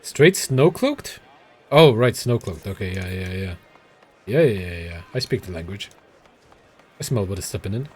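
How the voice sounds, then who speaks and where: A man's voice: low-pitched, expressive, moderate pace, long pauses, a little mellow, husky, soft background music. A man casually commenting while streaming a game, wry and profane, muttering asides.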